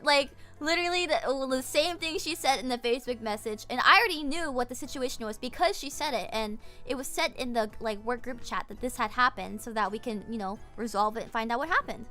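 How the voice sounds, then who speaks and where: A woman with a high, bright and tense voice chats to her stream, telling a story in an exasperated, animated way and swearing freely. Faint music plays behind her. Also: fairly quick, hardly any pauses. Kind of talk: casual storytelling chat.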